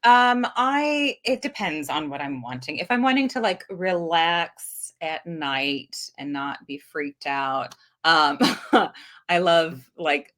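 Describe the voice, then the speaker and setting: A woman's voice: deep voice, expressive, takes it slowly, fairly bright tone. A woman speaking as a guest actress in a casual podcast interview, earnest and reflective, often breaking into laughter.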